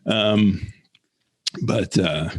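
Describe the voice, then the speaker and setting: A man co-hosting a podcast in casual chat, rambling and halting, laughing often. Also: lowish voice, husky. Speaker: podcast co-host.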